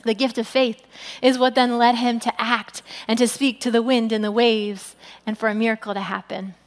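A woman pastor giving a sermon in an animated way, acting out quoted people with big jumps in pitch. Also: moderate pace. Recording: long hall reverb.

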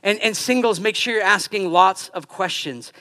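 A man in his thirties preaching a sermon in a church, animated and joking, acting out quoted voices as he goes. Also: high voice, normal speed. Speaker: pastor. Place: church sanctuary.

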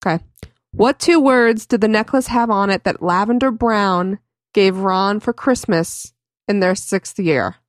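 A woman's voice: medium pitch, unhurried, dry recording, studio quality. A woman co-hosting a podcast and running a trivia game, giggly and teasing in casual chat.

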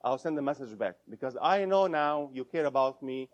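A man's voice: medium pitch, lively intonation, brisk, muffled recording. A man giving an interactive lecture, repeating his points and asking the audience questions as he goes. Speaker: instructor.

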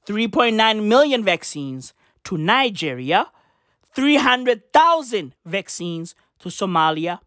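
A woman's voice: medium pitch, sing-song, takes it slowly, fairly bright tone, no room sound, clean studio sound. A woman ranting through news commentary, profane and slangy, firing off rhetorical questions.

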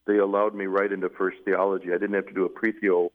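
A middle-aged man, a newly appointed Catholic bishop, telling his story at length in a measured way, with fillers. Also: sits low, flat delivery. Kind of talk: interview storytelling. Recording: tinny phone-like radio audio.

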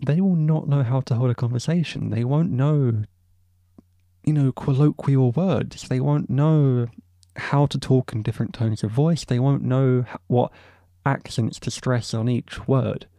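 A man's voice: medium pitch, steady tone, unhurried, warm tone, no room sound, studio quality. A young man, a university student hosting a podcast, giving a rambling, opinionated solo monologue full of asides. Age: young adult. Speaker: podcast host.

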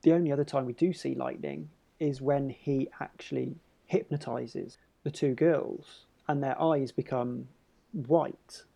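A man with a gravelly voice discussing a film on a podcast, thoughtful and hesitant with frequent restarts. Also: medium pitch, fairly even intonation, unhurried, dark tone, dull audio. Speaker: podcast co-host.

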